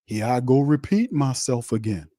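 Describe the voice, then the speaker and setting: A man's voice: medium pitch, expressive, normal speed, warm tone, no echo. A man hosting a sports show, delivering a heated, blunt rant on a live watch stream, repeating his points and mocking the other side. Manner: fiery, blunt and repetitive, with mocking asides.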